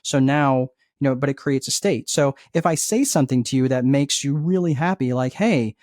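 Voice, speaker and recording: A man speaking as a guest coach, explaining ideas in an energetic, conversational way, acting out inner thoughts and often checking in with "right?". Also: mid-range voice, normal speed, no echo, clean studio sound. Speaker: guest life coach and entrepreneur. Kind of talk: conversational teaching.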